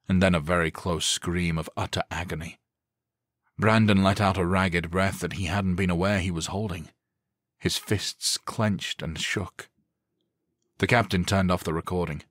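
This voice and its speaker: A man narrating an action thriller audiobook in a steady, deliberate way. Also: sits low, dry recording, clean studio sound. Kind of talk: scripted narration.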